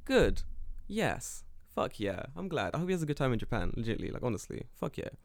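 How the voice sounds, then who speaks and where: A young man chatting on a podcast, a lively storyteller who slips into other people's voices and swears freely. His voice is close and dry, with no room sound around it, at a middling pitch. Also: fairly quick, no room sound. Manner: animated storyteller, acts out dialogue, swears often. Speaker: podcast co-host. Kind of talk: casual podcast chat. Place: lives in Japan.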